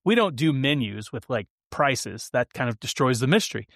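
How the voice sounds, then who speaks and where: A man's voice: medium pitch, very animated, moderate pace, gravelly, fairly bright tone, no echo, studio quality. A man voicing a smug, breezy restaurant waiter who talks in a mock-helpful way.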